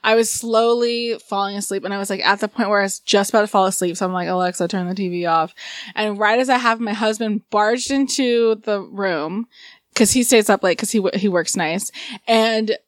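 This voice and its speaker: A woman's voice: mid-range voice, fairly even intonation, a little fast, no echo, studio quality. A pregnant woman in her thirties, a podcast co-host, telling stories in a blunt, exasperated way and sounding tired. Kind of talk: casual chat.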